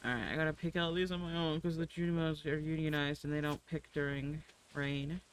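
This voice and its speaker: A woman's voice: deep voice, steady tone, brisk, slight background noise, low-quality recording. A woman streamer chatting casually while playing a farming game, swearing freely and cooing at her in-game animals. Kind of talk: casual gameplay chat.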